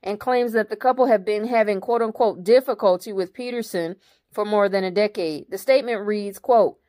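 A woman's voice: mid-range voice, moderate pace, dark tone. A woman hosting her own commentary channel, reading news articles aloud and breaking off into blunt, profane opinions.

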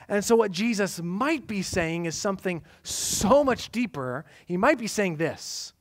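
A man preaching a sermon, swinging from loud, emphatic lines to hushed, quiet passages. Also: high voice, animated, unhurried, few pauses, no echo. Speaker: pastor.

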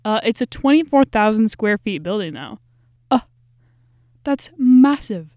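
A woman's voice: on the high side, animated, unhurried, darkish tone, no echo, clean studio sound. Chatty young woman podcast host. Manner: chatty, slangy, rambling. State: tired and stressed. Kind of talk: casual food review podcast. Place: small closet. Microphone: podcast microphone.

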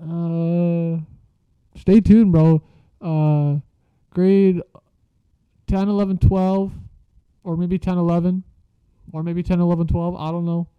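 A man's voice: sits high, little pitch movement, takes it slowly, clear, resonant tone, no room sound. A young man telling school stories in a casual, profane, slang-heavy rambling way. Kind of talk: casual storytelling vlog. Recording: dry muffled lo-fi recording.

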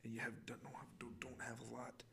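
A man's voice: medium pitch, monotone, brisk, gravelly, bright, forceful tone, husky. A man hosting a comedic podcast outdoors on a college campus, rambling with lots of fillers and repeats. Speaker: podcast host.

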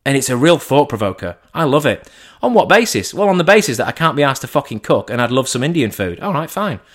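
Man, chatty monologue host, swears freely, slips into quick impressions of people on the phone. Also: medium pitch. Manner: animated, swearing, acts out mock phone calls. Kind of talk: casual monologue.

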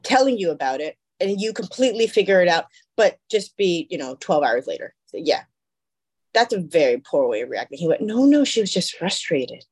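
A woman's voice: mid-range voice, husky. A woman co-hosting a podcast in casual chat, telling stories animatedly and acting out the people she quotes. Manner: animated storyteller, acts out quoted voices. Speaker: podcast co-host.

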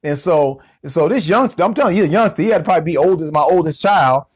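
A middle-aged man coaching listeners through a story, full of slang and playful sound effects. His voice sits a little high for a man. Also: lively intonation, quick pace, slightly rough. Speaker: motivational coach. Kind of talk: motivational podcast storytelling.

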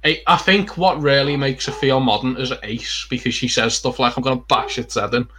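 A man's voice: mid-range voice, fairly even intonation, fairly quick, bright, forceful tone, husky. A young man on a podcast, chatting casually in a rambling, sweary way with lots of fillers. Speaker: podcast co-host. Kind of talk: casual chat.

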